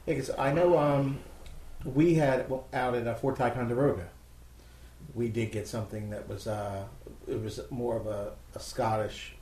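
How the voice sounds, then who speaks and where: A man's voice: medium pitch, fairly even intonation, normal speed, dark tone. Easygoing male host in a roomy space. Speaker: podcast host. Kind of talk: casual chat. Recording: roomy with faint background noise.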